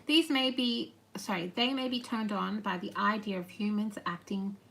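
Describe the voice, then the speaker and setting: Soft-spoken woman with a creaky voice. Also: medium pitch, rough recording. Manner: halting and meandering, with murmured asides. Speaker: channeler. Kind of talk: spoken channeled messages.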